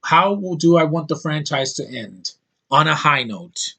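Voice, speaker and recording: A man's voice: fairly high pitch, gravelly, sharp tone. An American man giving an opinionated, casual rant to his viewers. He is emphatic and often stumbles and restarts mid-sentence. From United States. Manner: opinionated, emphatic, quick to dismiss things; frequent restarts and stammering. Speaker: vlogger.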